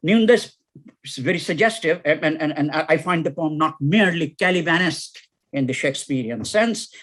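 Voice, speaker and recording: A man giving a plenary academic lecture, reading a poem aloud dramatically with shouted refrains. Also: a little high. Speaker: plenary speaker.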